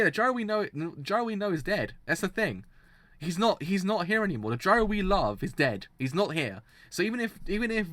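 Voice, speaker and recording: A man's voice: sits high, no echo. Exasperated man ranting on stream. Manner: animated, exasperated ranting with frequent restarts. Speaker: streamer reacting to manga. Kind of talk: live reaction stream.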